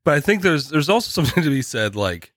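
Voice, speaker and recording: A man's voice: fairly high pitch, very animated, quick pace, fairly bright tone, no echo, clean studio sound. A man co-hosting a podcast, chatting casually, often stopping and restarting his sentences and laughing mid-thought. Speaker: podcast co-host. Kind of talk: casual chat.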